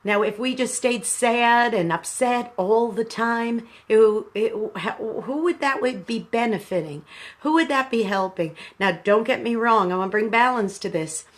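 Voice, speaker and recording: Her voice a little high, a woman in her sixties who manages a radio station talks live to her viewers in a halting, reflective way. She is grieving and calls them "boys and girls."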